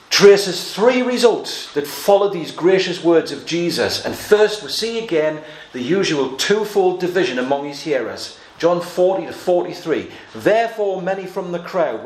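A man preaching a sermon, explaining Bible passages verse by verse with a touch of humor. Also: sits high. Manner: expository Bible teaching with light humor. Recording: echoey room, faint background noise.

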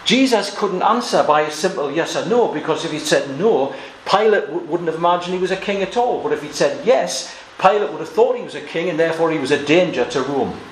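A man's voice: fairly high pitch, expressive, brisk, few pauses. A man preaching an expository sermon, reading scripture aloud and explaining it verse by verse. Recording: echoey room with faint noise.

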